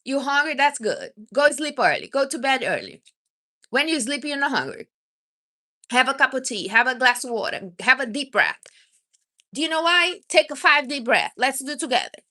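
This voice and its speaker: Bright-voiced woman giving blunt advice. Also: high voice, lively intonation, moderate pace. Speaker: livestream host. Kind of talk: casual livestream chat.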